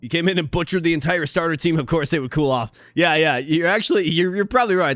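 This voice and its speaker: A man's voice: a little high, fast, few pauses, fairly bright tone, no echo, clean studio sound, soft background music. A man streaming a management game live, chatting playfully with his viewers as he plays. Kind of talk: casual live-stream commentary.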